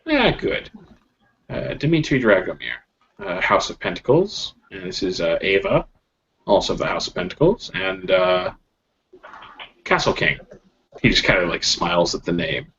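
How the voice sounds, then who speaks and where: Acting as game master, a man narrates a tabletop role-play, laughing often and using many fillers. His deep, creaky voice is fairly bright, swings widely in pitch, and moves at a normal speed. A dull lo-fi mic picks him up with faint noise.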